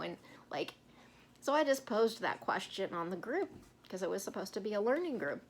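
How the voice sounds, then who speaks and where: A woman's voice: medium pitch, expressive, moderate pace, slight background noise. A woman co-hosting a casual Bible-study chat, telling stories in a rambling way with many fillers. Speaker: co-host.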